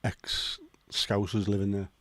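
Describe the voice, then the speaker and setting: A man's voice: fairly low pitch, completely flat delivery, slow pace, fairly bright tone, no room sound. A man from Liverpool hosting a casual chat livestream, joking and swearing as he chats to viewers. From Liverpool, England. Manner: sweary, joking, chatty asides. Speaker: livestream host.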